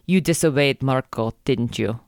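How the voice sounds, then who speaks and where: A woman's voice: very deep voice, moderate pace, a little mellow, dry recording, clean studio sound, pitched below the performer's own voice. Woman putting on a cocky man with a bad fake accent. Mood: domineering. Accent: deliberately bad put-on Spanish-style accent. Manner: theatrical, mock-seductive. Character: cocky commanding male model, domineering, hammy. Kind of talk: comic reading of erotic fiction.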